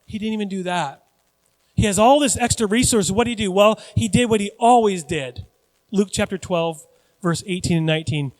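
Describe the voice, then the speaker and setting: A pastor in his forties preaching a sermon in a joking, conversational, animated way. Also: high-pitched, moderate pace. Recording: long church hall reverb.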